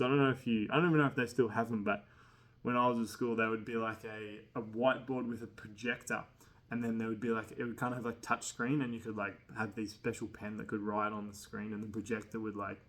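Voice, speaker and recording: Young man telling a rambling story. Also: mid-range voice. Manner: rambling, laughs mid-sentence, slangy. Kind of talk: casual anecdote.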